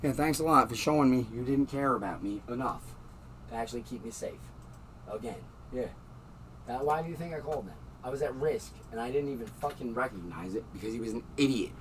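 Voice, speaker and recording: A man's voice: medium pitch, a little fast, a bit bright. Man, angry swearing rant, distant mic, faint background hum. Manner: agitated, swearing, heated. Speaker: tenant in a dispute. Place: bedroom at home.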